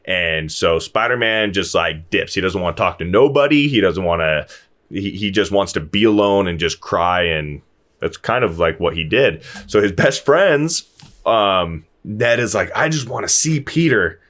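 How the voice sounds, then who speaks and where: A man's voice: low-pitched, animated, measured pace, fairly bright tone. A man casually retelling a film plot as a podcast host, acting out the characters' lines and swearing freely. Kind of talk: casual spoiler chat.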